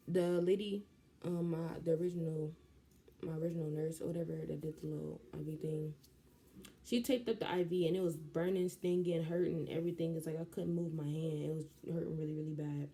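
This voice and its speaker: A young woman, telling a story in a casual vlog, animated and slangy. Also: sits low. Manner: animated, slangy, jumps into quoted voices. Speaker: vlogger.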